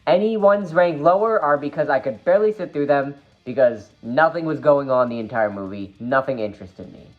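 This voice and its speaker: Exasperated and emphatic, a woman reviews a film as a fan, speaking a little fast in a low voice that leaps upward when she's upset. The audio is narrow and tinny, with soft music in the background.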